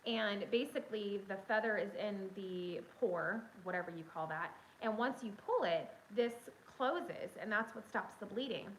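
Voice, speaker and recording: A chatty, excitable woman talks to her viewers through a phone mic at home. Her pitch sits in an ordinary middle range, with a faint hiss of background noise under her voice. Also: normal speed, few pauses, low-quality recording. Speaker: livestream host. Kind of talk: casual storytelling chat.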